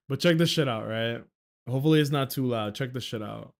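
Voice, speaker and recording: A young man chatting casually on a livestream, excitable and swearing, with sudden loud outbursts. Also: medium pitch, brisk, vocal fry. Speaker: streamer.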